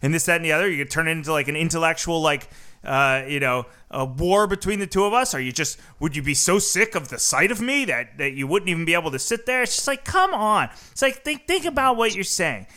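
Heated, profane man with a bright high voice. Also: animated. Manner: profane, heated, fast-talking, lots of fillers. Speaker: podcast host. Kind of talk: casual conversational rant.

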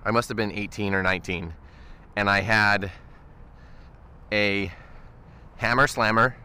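A man cohosting a podcast, telling a story in an animated, casual way and chuckling often. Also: lowish voice, measured pace, clean tone. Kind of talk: casual chat.

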